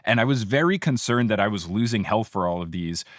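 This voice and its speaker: A man's voice: fairly quick, no echo, clean studio sound. A young man hosting a podcast, chatting casually and animatedly about video games. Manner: animated, acts out quotes with big pitch jumps. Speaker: podcast host.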